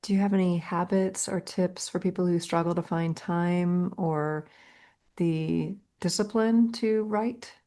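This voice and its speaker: A woman interviewer with a slightly low voice asks questions about writing. She mostly listens and answers with short, encouraging murmurs. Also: fairly even intonation, unhurried, mellow. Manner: brief, encouraging acknowledgements. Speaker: podcast host, interviewer.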